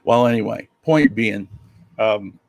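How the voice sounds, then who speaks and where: A man co-hosting a podcast, telling stories in casual chat with many halting restarts. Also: lowish voice, creaky, dry recording, clean studio sound. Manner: storytelling, halting restarts, animated when amused. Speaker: podcast co-host.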